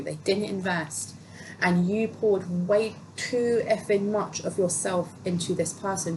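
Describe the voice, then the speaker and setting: A woman giving a casual tarot reading, talking in a chatty, emphatic way and repeating phrases for stress. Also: mid-range voice. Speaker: tarot reader. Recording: steady background noise.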